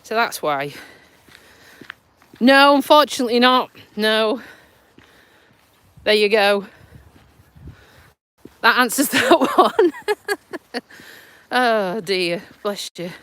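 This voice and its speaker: Walking in the countryside, a Lincolnshire vlogger live-streams casual chat on her phone, speaking in a high-side, slightly bright, smooth voice with big pitch swings, a very slow pace and frequent pauses. The recording is dry. With her local accent and stuffy nose, she's chatty and self-mocking, laughing often and using dialect words.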